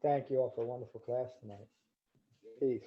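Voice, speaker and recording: A man teaching a Buddhist meditation class and reciting scripture, relaxed and joking, a little halting. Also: medium pitch. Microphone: livestream mic. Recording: slightly dull lo-fi stream audio.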